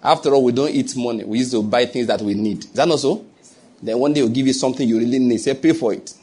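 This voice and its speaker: Talking fast in a medium-pitched voice that's a little mellow and husky, a man preaches a sermon. He keeps it conversational and humorous, then builds up to emphatic declarations.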